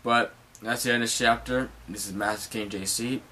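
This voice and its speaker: A man's voice: medium pitch, steady tone, fairly quick, sharp tone, a little hiss or hum. A man casually recapping a comic chapter as host, rambling with many fillers and restarts and some swearing.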